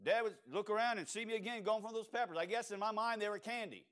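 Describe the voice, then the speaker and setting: A man's voice: high voice, fast talker, fairly bright tone. A man with a Cajun accent preaching a sermon, telling homespun stories and asking the congregation rhetorical questions, with frequent fillers and restarts. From Louisiana.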